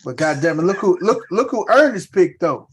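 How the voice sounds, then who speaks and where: A man with a high-pitched voice riffs loudly on fantasy football picks. His talk is full of cursing and lively banter, bouncing from pick to pick. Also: moderate pace, slight background noise. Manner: loud, profane, animated banter about fantasy picks. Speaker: podcast co-host. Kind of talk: casual sports chat.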